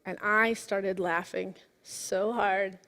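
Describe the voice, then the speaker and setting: A woman in her forties giving a sermon, telling a personal story in a lively way that swings from hushed to exclaiming. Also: medium pitch, slow. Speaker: minister. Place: church sanctuary. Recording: long hall reverb.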